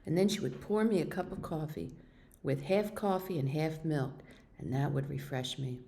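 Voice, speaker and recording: A woman reads a children's novel aloud with steady, expressive storytelling. Her voice sits low and sounds mellow and warm. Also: normal speed, vocal fry, a little hiss or hum. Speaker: reader.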